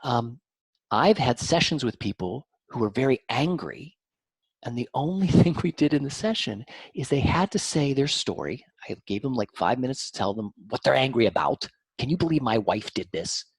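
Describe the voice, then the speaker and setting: A man with a husky edge to his voice explains things as an interview guest. His pitch climbs and drops a great deal as he talks, sometimes lively and sometimes soft and low. The sound is dry and close. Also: normal speed, dry recording. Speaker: guest, mind-body practitioner. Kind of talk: conversational explanation.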